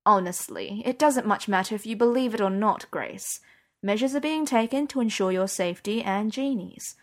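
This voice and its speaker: A woman reading the lines of a guarded, formal middle-aged man in an audiobook, slow and measured. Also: mid-range voice, close to an everyday voice.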